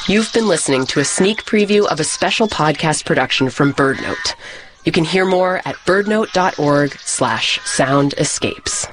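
Calm woman narrating over outdoor nature sounds. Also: low voice, normal speed, background noise. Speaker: radio presenter. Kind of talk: scripted radio narration.

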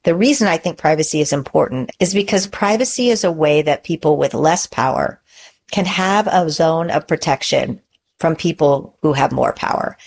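Low-voiced earnest middle-aged woman. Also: darkish tone. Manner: earnest, thoughtful, with many fillers. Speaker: guest lawyer. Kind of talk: interview answers.

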